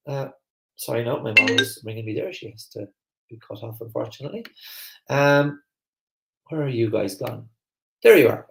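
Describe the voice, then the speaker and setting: An energetic Irish man with a Kerry accent hosts a live online masterclass, reading the chat and talking to viewers quickly with many fillers and restarts. His middle-pitched voice is creaky and chatty, and the room gives it a noticeable echo.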